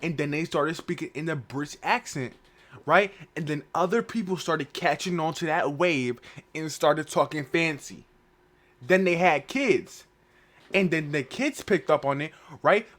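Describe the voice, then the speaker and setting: A man reacting to a video with a loud, mocking, profanity-heavy comedic rant. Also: fairly high pitch. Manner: loud, mocking, swears constantly, mimics voices.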